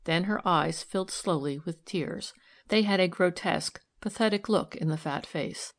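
A woman reads a novel aloud as an audiobook narrator, her fairly low voice delivering steady, measured scripted narration.

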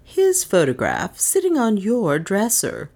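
Woman narrator doing a shrewd old aunt of sixty, dry and chiding, voice pitched up high. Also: wildly swooping pitch, measured pace, a little mellow, exaggerated voice. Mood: wry, chiding. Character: sharp-witted indomitable old aunt, sixty.

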